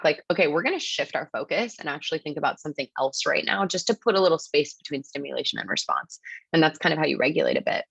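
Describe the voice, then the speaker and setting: A woman's voice: sits low, fairly bright tone, no room sound. A woman presenting a webinar in a casual, upbeat teaching talk, full of "like" and "right?" check-ins. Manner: chatty, upbeat, peppered with "like" and "right?". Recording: dull lo-fi webinar audio.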